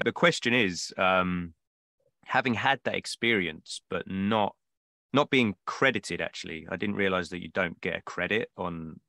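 A man's voice: sits low, pushed and bright, dry recording, studio quality. A man asking a question in a casual chat, hesitant and full of fillers.

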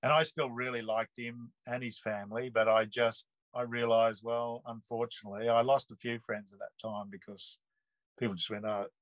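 Man, sixties, casual rambling storyteller, earthy slang, mid-pitched voice, dry close sound. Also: normal speed, dry recording, poor audio. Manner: relaxed, rambling, earthy slang with frequent restarts. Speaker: interview guest.

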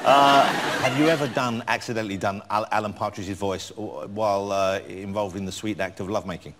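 A man hosting a chat show, playful, teasing and animated with his guest. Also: lowish voice, a little fast, slight background noise. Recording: loud studio audience.

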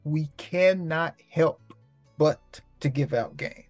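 A man's voice: a little high, slow pace, no echo, faint music behind. A man hosting his own show in a casual, profane monologue full of street slang, preaching and repeating lines for emphasis. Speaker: host.

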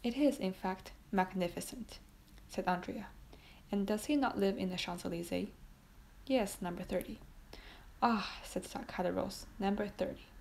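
Creaky-voiced woman reading an audiobook. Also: mid-range voice, moderate pace, darkish tone, a little hiss or hum. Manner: reads every part in much the same voice, small slips. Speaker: audiobook reader. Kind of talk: scripted audiobook narration.

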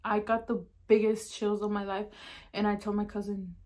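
A woman's voice: mid-range voice, completely flat delivery, normal speed. Chatty woman telling a spooky story. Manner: chatty, heavy use of "like" fillers; drops to a hushed tone at eerie moments. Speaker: mukbang host. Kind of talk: casual storytelling while eating.

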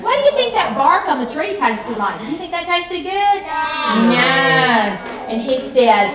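Woman, storytime reader, high and lively, echoey library with kids. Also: unhurried, over a noisy crowd. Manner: lively, coaxing, leads chants. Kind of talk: reading a picture book to children. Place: library room. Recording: echoey library room, mic far off, children around.

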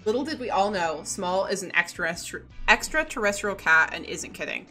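Giggly woman streamer, bright voice with a lot of swing, faint music behind. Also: medium pitch, animated, brisk, few pauses. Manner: playful, giggly, reads chat aloud. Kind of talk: casual livestream chat.

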